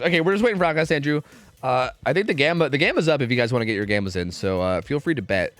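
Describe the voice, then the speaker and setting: A man's voice: mid-range voice, animated, racing, fairly bright tone, soft background music. A young man casting esports scrims live on stream, profane and trash-talking as he commentates.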